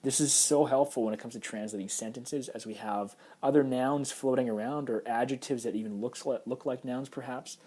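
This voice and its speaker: A man's voice: mid-range voice, fairly quick, hardly any pauses, dark tone, slightly rough. A man teaching a recorded Hebrew grammar lecture, explaining patiently over slides with frequent fillers.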